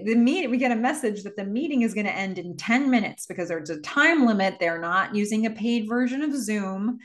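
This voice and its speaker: A woman's voice: mid-range voice, animated, brisk, hardly any pauses. Chatty woman recapping a movie. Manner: chatty, filler-heavy storytelling. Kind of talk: casual movie recap narration.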